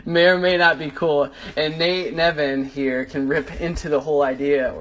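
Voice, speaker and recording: A man on a podcast with a fairly high voice for a guy, chatting loosely and breaking into laughter all the time. He rambles through his ideas playfully on a wireless mic. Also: fairly even intonation, moderate pace, a bit bright. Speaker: podcast co-host. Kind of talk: casual banter.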